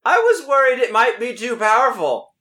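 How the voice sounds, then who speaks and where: A man running a home tabletop game as game master, his voice rising and falling in lively swings. He slows down for scene-setting narration and speeds through chatty asides with his players. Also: extremely high pitch.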